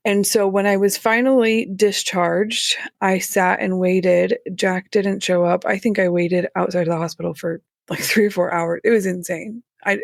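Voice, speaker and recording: A woman telling her own story as a podcast guest, candid and halting, with nervous laughs. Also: medium pitch, vocal fry, dry recording, studio quality. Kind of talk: personal story in a podcast interview.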